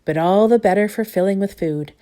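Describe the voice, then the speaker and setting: A woman's voice: medium pitch, brisk, lightly acted. A woman voicing a greedy, food-loving round man calling out eagerly in a storybook reading. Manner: loud eager calls.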